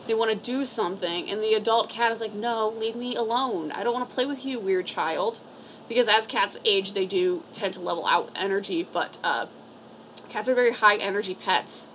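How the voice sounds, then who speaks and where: A blunt woman from a cat rescue talks casually to camera about cat care, rambling and cursing as she goes. Her voice sits at a middle pitch. A faint noise runs underneath. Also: a bit bright, low-quality recording. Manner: blunt, swears freely, rambling. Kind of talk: casual advice talk to camera.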